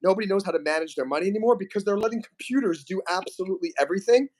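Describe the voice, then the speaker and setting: A man's voice: high voice, racing, a little mellow. A man in his forties hosting a live stream chat, rambling, enthusiastic and teasing. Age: 40s. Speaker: host.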